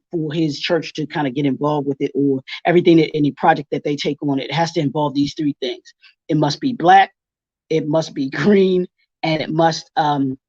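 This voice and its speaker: A man's voice: fairly high pitch, darkish tone, no room sound. Man presenting with repeated rhetorical questions. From Baltimore. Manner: repeats rhetorical questions, restates each point. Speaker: workshop presenter. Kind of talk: workshop presentation. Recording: dull, dry lo-fi recording.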